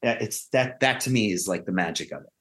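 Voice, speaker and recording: A man with a fairly low voice, swapping stories on a podcast. He talks in an animated, profane, freewheeling way and builds his anecdotes with plenty of energy. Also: fast talker. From Queens, New York. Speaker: actor guest. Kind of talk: casual podcast storytelling.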